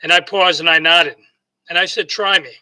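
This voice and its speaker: High-voiced bright New York man. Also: steady tone, fairly quick, clean tone, rough recording. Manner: rambling, repeats words and restarts often; acts out both sides of remembered conversations. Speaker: motivational speaker. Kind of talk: casual storytelling monologue.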